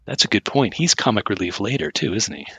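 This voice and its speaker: A man's voice: fairly low pitch, expressive, fast talker, a bit bright, a little hiss or hum. A man co-hosting a podcast, chatting casually with a dry, teasing manner. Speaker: podcast co-host. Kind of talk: casual chat.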